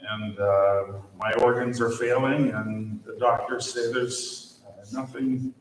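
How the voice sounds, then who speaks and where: Brief: man in his fifties, teacher, halting memorial speech, very echoey room, off-mic. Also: medium pitch, fairly even intonation. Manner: halting, many fillers, gently humorous. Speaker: teacher giving memorial remarks. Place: large echoey school room at a podium. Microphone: distant podium mic. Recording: echoey room, distant mic, faint noise.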